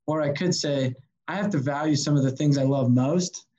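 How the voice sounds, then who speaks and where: At a moderate pace and with a fairly high pitch, a man speaks over dull audio. He's a podcast guest and sales consultant telling casual, animated stories, acting out quoted voices and occasionally swearing.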